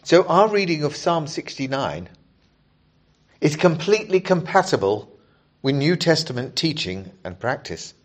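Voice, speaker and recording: A man preaching a sermon, explaining scripture in a measured, earnest way and reading passages aloud to the congregation. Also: on the high side, big pitch swings.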